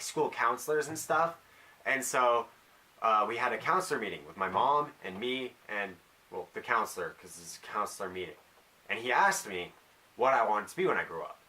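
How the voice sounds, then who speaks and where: A man's voice: mid-range voice, bright, forceful tone. A teenage boy talking casually in a rambling, self-deprecating vlog monologue with jokey asides. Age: teens. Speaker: vlogger.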